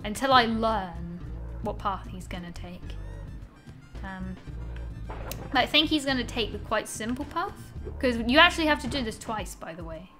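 A young woman giving casual gameplay commentary, exasperated, swearing often and talking to herself. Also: mid-range voice. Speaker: gaming channel host.

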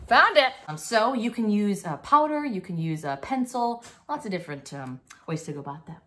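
A young woman with a low voice gives a stage makeup tutorial for kids. She is chatty and playful, with plenty of ums and goofy little sound effects. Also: a bit bright. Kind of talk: casual demonstration for kids.

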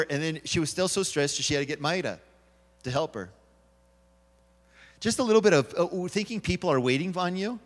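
High-voiced pastor in a reverberant church. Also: male voice, fairly bright tone. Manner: storytelling, acting out quoted voices. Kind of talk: sermon. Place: church sanctuary.

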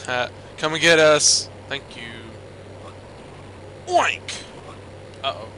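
A young man doing let's play commentary, breaking into loud, profane outbursts and laughter. His voice is very bright and sharp, with a wildly lively, slightly high pitch. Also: slow pace, slight background noise. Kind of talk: gaming commentary.

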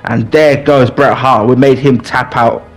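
A man hosting a gaming channel, giving excited let's-play commentary in a mock wrestling-announcer style and breaking into pleading with the game. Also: medium pitch, a little slow, faint music behind.

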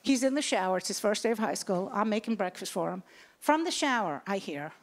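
A woman's voice: mid-range voice, a little fast. A woman in her sixties doing a stand-up comedy set, telling brash stories and acting out the voices in them. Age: 60s. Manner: brash, animated storytelling with acted-out voices.

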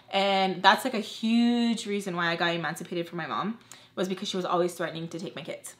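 A woman's voice: fairly low pitch, brisk. Twenties woman vlogging a storytime, super candid, lots of likes and cussing. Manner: candid, rambling, swearing, many fillers. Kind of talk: casual storytime vlog.

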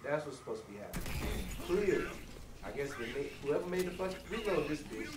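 A gamer giving loud, profane casual commentary while playing a co-op horror game, quick to rage and laugh. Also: mid-range voice, very animated, noisy background. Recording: distant mic in an echoey room with loud ambience.

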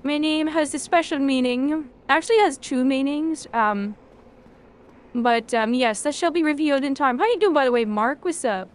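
A woman's voice: sits high, normal speed. A woman streaming a video game, chatting casually with her chat, rambling and swearing freely.

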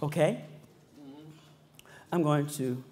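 A man voicing a humble chicken in a barnyard parable, speaking hesitantly with halting pauses. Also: on the high side, a little mellow, pitched below the performer's own voice.

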